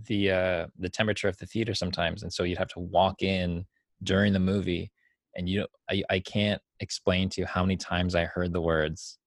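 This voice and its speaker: A young man with a very low voice chats in an animated, rambling way, often trailing off as he talks. The recording is close and dry, with no room sound. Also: normal speed, no room sound. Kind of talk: casual chat.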